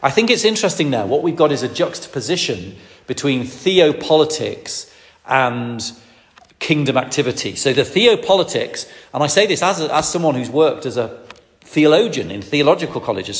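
A middle-aged man preaches at a middle pitch. He speaks emphatically, often repeating words and restarting phrases. His voice carries the long reverb of a large hall. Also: animated, normal speed. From Lancashire, England. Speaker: preacher, ordained minister. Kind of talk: sermon.

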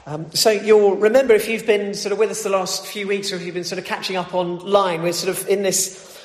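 A man's voice: high-pitched, steady tone, brisk. A man reading scripture aloud, then preaching a sermon in a conversational way, full of fillers and restarts. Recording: echoey church hall.

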